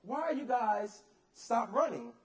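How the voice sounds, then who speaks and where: A man's voice: very high voice, very animated, unhurried, exaggerated voice. A man voicing a restless young male chicken in a spoken story, asking puzzled, insistent questions. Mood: upset.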